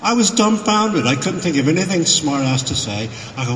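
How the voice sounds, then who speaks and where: A man guesting on a convention panel, telling animated anecdotes to a live audience and acting out the voices in his quotes. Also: fairly high pitch, normal speed, slight background noise. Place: convention hall. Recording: echoey hall, miked from afar.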